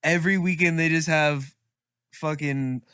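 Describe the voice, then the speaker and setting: A man's voice: a little high, steady tone, a little slow, sharp tone, smooth, no room sound, clean studio sound. A young man, a childhood friend on as a guest, chatting casually with laid-back, short replies. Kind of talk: casual chat.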